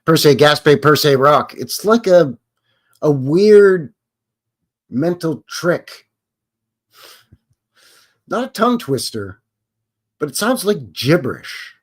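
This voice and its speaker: A Canadian man talks off the cuff on a live stream, rambling and joking in folksy slang. His pitch swings up and down freely and keeps the talk animated. The feel is loose and unscripted. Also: takes it slowly, pauses often, slightly rough. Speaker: host. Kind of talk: casual live-stream chat.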